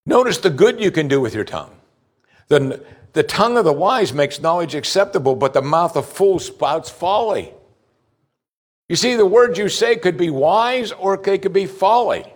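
A man's voice: high voice, lively intonation, normal speed. A man preaching a sermon as pastor, putting direct questions to his listeners with emphasis.

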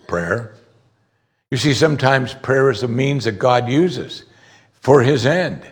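A pastor preaching a sermon, explaining scripture earnestly and building to emphatic outbursts. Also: male voice, medium pitch, lively intonation, takes it slowly, husky.

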